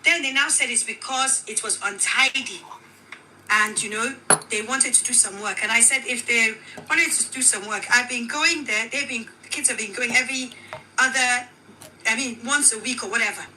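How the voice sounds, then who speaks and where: Bright-voiced Nigerian woman recounting. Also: fairly high pitch, moderate pace, a little hiss or hum, rough recording. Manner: animated, quoting others in dialogue. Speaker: widow telling her account. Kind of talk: emotional personal account.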